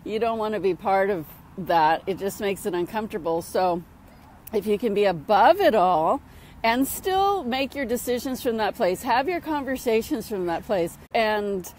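A woman's voice: medium pitch, animated, moderate pace, darkish tone, a little hiss or hum. A middle-aged woman, a spiritual mentor, talking casually and upbeat outdoors at sunset, repeating phrases for emphasis. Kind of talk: casual motivational talk to camera.

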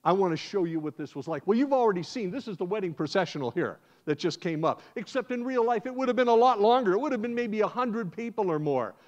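An American man with a high voice gives a sermon as a guest preacher, acting out scenes as a storyteller. His voice comes through dull and lo-fi. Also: fast, few pauses. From United States. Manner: animated, acts out scenes in first person. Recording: dull lo-fi sound.

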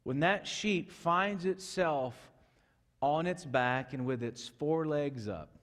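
A male pastor preaching a sermon earnestly, moving from loud urgency to soft, hushed passages. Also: on the high side, slow. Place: church sanctuary. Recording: echoey church hall.

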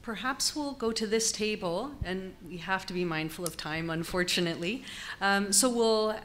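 A woman chairing a conference panel, briskly moving things along to keep to time. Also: mid-range voice, fairly bright tone, a little hiss or hum. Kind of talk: moderating a panel. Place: conference hall.

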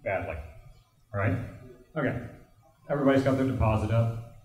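A man's voice: medium pitch, animated, normal speed, a little mellow. A man on a real estate panel explaining deals and putting a problem to the others in casual discussion. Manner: conversational, asks the panel questions. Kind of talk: round table discussion. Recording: echoey room, distant mic.

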